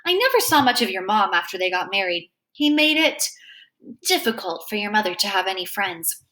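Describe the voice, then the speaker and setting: A woman voicing a kind, slightly awkward mother who speaks softly and apologetically in a storybook reading. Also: mid-range voice, very animated, brisk. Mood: gentle. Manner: soft-spoken, apologetic.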